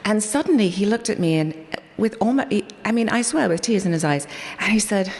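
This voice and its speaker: A woman's voice: medium pitch, expressive, a little fast, a little mellow. A woman scientist giving a memorial tribute, telling stories animatedly with quoted dialogue. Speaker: project scientist sharing memories. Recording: long hall reverb.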